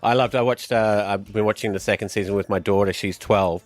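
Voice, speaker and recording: A man's voice: lowish voice, fairly even intonation, brisk, no echo. A man co-hosting breakfast radio, chatting casually with a guest.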